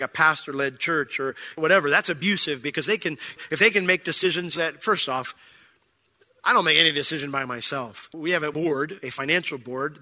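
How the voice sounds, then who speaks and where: A man's voice: fairly high pitch, bright, forceful tone. A man preaching a verse-by-verse sermon as pastor, talking in a conversational way and acting out little scenes with different voices. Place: church sanctuary. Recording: long hall reverb.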